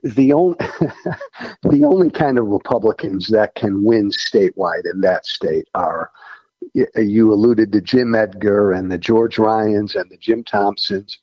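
A man's voice: lowish voice, expressive, a little slow, slightly rough, no echo, highs cut off. A man who once served in Congress, giving blunt, folksy political opinions in an interview. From Illinois. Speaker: former congressman guest.

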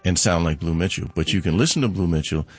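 A man's voice: low voice, fast, breathy edge, faint music behind. A middle-aged man, a musician guest on a radio show, explaining in an easygoing way with frequent restarts. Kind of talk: relaxed interview talk. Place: radio studio.

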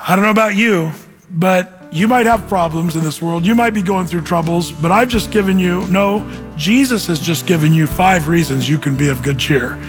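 A man preaching a sermon as pastor, lively and animated, acting out quoted voices. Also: high-pitched, moderate pace, music in the background. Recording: hall reverb.

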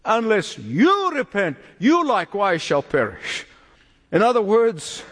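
A man's voice: high voice, huge pitch swings, a little slow, fairly bright tone, long reverb tail. A man preaching a sermon as pastor, emphatic, repeating key phrases and chuckling between points.

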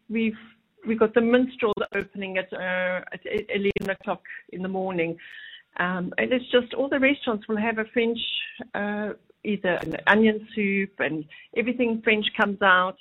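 A woman's voice: medium pitch, moderate pace. A woman talking about a festival she helps run, chatty and rambling with many restarts. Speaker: festival organiser guest. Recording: tinny phone line.

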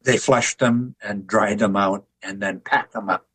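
An older man with a husky voice tells stories in an interview. His delivery is easygoing and anecdotal, and he chuckles at his own jokes. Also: fairly low pitch, steady tone, measured pace, fairly bright tone, poor audio. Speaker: author and artist, guest. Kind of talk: conversational interview storytelling.

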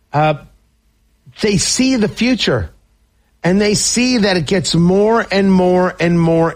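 A man hosting a political talk radio show, riffing sarcastically on the news. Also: sits high.

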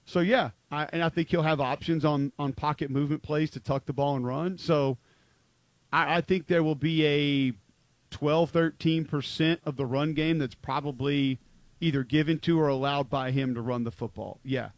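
Guy cohosting a football show, rambly and emphatic, kinda high voice, dry close sound. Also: steady tone, normal speed, dry recording. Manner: rambling, frequent "like" fillers, emphatic. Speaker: co-host of a football talk show. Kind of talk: casual sports chat.

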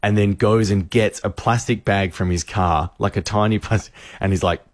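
A man hosting a radio show, telling an animated anecdote. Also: lowish voice, moderate pace, hardly any pauses, no echo, clean studio sound. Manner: animated storyteller.

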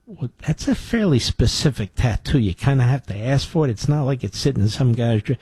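A man's voice: medium pitch, expressive, brisk, hardly any pauses, dark tone, husky, no echo. Sarcastic older man in a dry studio. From Philadelphia area, US. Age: 60s. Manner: sarcastic, mocking asides to his producer. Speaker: talk radio host. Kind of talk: political talk radio monologue.

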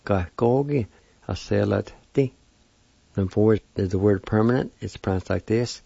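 A man teaching vocabulary in a patient, slow lesson, sounding out each word syllable by syllable. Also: fairly low pitch, vocal fry, mellow, no room sound. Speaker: language teacher. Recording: dull lo-fi dry recording.

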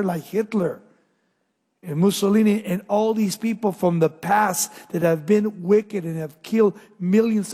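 A male pastor preaching a sermon, asking the crowd questions and answering them with emphatic, drawn-out pauses. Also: fairly high pitch, warm tone, husky, long reverb tail.

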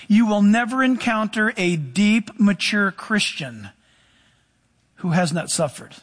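A middle-aged male pastor preaching a sermon, animated, with sudden drops to soft, low asides. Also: slow.

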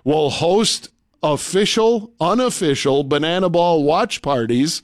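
Brisk, slightly high-voiced radio host. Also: male voice, expressive, dry recording, clean studio sound. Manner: reads event details in a brisk, listy way. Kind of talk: casual radio chat and announcements.

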